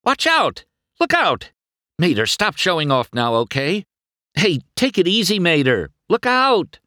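A man reading a storybook aloud, voicing a cocky, excitable young race car who turns anxious and yells in alarm. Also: medium pitch, no room sound, clean studio sound, pitched above the performer's own voice, full character voice. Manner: anxious, quick to shout in alarm.

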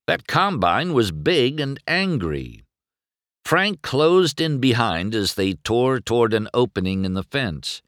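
A man reading a children's storybook aloud as narrator, slow and expressive. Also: on the low side, no echo, studio quality. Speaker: audiobook narrator. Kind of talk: scripted narration.

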